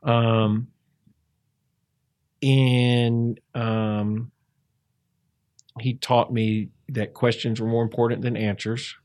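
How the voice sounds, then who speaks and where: A man telling his life story in a conversational interview, reflective and halting, with frequent restarts. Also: medium pitch, little pitch movement, darkish tone. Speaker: interview guest.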